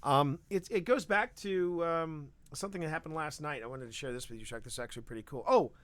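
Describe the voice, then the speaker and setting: Brief: male podcast co-host, casual live-stream chat, excitable and rambling, dry studio sound. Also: on the high side, fast talker, no room sound. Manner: animated, rambling, frequent restarts.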